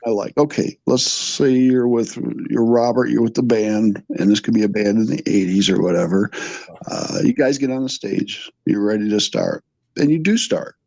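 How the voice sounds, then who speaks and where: A man hosting a podcast, upbeat and quick to agree and praise his guest. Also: lowish voice, creaky, a little mellow, no room sound. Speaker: podcast host. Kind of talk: casual podcast chat.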